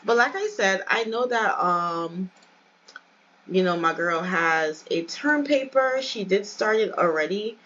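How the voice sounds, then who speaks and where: A woman's voice: medium pitch, lively intonation, slow pace, fairly bright tone, muffled recording. A woman hosting a let's play, giving chatty, casual commentary and addressing viewers directly.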